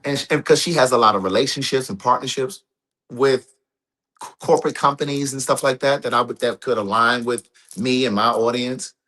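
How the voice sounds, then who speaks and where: A man's voice: mid-range voice, brisk, sharp tone. A man chatting casually with his live-stream audience, telling a long personal story and quoting a friend's words. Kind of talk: casual chat.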